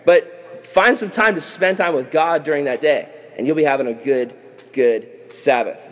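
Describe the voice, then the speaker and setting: A man teaching a casual Bible lesson to kids as a youth pastor, animated and jokey, acting out characters. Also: fairly high pitch, moderate pace. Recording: long hall reverb.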